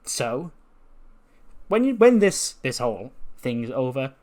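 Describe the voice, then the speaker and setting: A man playing a vain young woman wrestler who thinks the world revolves around her. She gushes in quick bursts, jumping up in pitch when excited. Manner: vain, gushing, self-centered.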